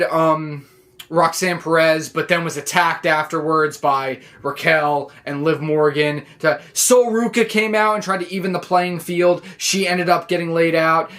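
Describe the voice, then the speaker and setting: A man recapping a wrestling show in a casual, excitable, rambling way, full of "like" and restarts. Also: fairly high pitch. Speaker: wrestling reaction vlogger.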